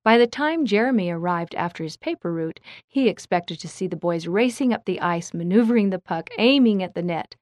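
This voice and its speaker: A woman narrating a children's story, reading it aloud in a clear, measured way. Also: lowish voice, lively intonation, darkish tone, dry recording, clean studio sound.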